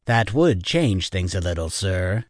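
A man's voice: sits low, big pitch swings, unhurried, no room sound, studio quality, voice pushed down, full character voice. A man voicing a stern, by-the-book male sergeant major in an audiobook, with clipped military formality.

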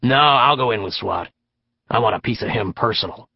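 A man voicing a gruff, condescending big male police detective in an audiobook. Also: on the low side, expressive, moderate pace, highs cut off, full character voice. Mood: dismissive. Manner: gruff, dismissive.

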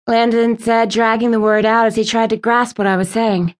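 A woman's voice: a little high, level tone, normal speed, hardly any pauses. Woman narrating a first-person fantasy audiobook.

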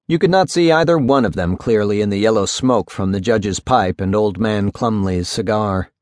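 A man narrating a literary novel in a measured, even storytelling voice. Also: fairly low pitch, no room sound, studio quality. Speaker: audiobook narrator.

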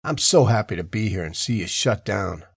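A man's voice: lowish voice, animated, moderate pace, vocal fry, husky, no room sound, studio quality, full character voice. A man voicing a sneering, bullying male cop who taunts and curses in an audiobook. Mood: taunting. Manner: taunting, crude.

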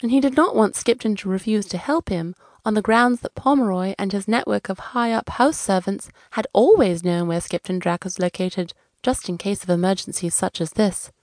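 A woman's voice: mid-range voice, darkish tone, no echo. Dry-voiced woman reading a kids' story. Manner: clear, measured storytelling. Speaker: audiobook narrator. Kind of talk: children's audiobook narration.

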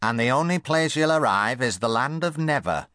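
A man's voice: mid-range voice, expressive, moderate pace, a bit bright, no room sound, clean studio sound, voice pushed up, natural voice. A man voicing a stern, clipped elderly great-aunt in a children's audiobook. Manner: clipped and disapproving. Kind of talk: audiobook character voice.

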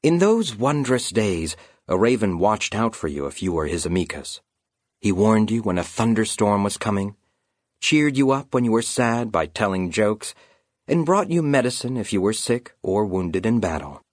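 A man reads a children's fantasy aloud with a lower, somewhat husky voice. His delivery swoops through a wide range of pitch, and he slows down for dramatic moments. The sound is close and dry. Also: expressive, no echo. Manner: storytelling, dramatic slowdowns. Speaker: audiobook narrator. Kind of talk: scripted narration of a children's fantasy.

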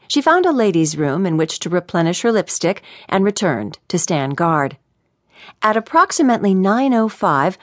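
A woman narrating a mystery audiobook in an expressive, animated way. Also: fairly low pitch, dry recording, studio quality.

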